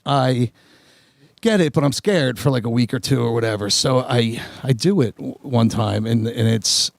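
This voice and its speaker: A man tells a rambling, self-mocking story on a podcast, mid-pitched and loose, leaning on filler words. The sound is close and dry, with almost no room around him. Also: normal speed, creaky, no echo. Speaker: podcast host. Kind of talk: casual storytelling chat.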